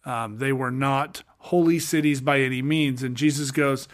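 A middle-aged man hosting a podcast walks through a Bible passage in a casual study chat, retelling scripture in a jokey, animated, slangy way with offhand asides. His voice is medium in pitch, his speed normal, and he pauses little.

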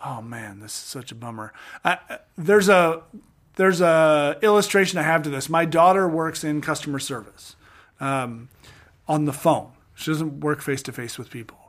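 In a fairly high voice at normal speed, a middle-aged podcast host chats casually through a Bible passage. He jokes around, gets animated, and drops slangy asides as he retells the scripture.

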